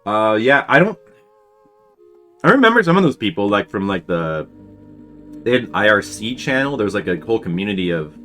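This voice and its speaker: A man's voice: on the low side, very animated, a little fast, long pauses, a bit bright. A man in his forties chatting casually with his viewers while he draws, rambling through old memories with lots of restarts. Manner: rambling, reminiscing, answering chat with many restarts. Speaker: webcomic artist streaming for patrons. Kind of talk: casual chat while drawing on stream. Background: faint background music.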